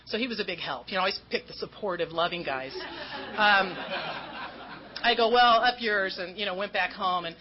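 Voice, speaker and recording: Speaking with a fairly low pitch and a fairly quick pace, a Southern California woman gives a frank, self-deprecating AA talk about her recovery, voicing the characters in her story. Crowd noise can be heard, and the lo-fi recording sounds dull with faint background noise.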